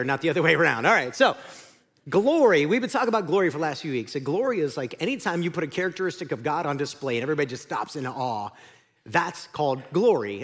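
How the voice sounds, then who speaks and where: A man preaching a sermon as the pastor, conversational and joking, speaking in a large church auditorium. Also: fairly high pitch.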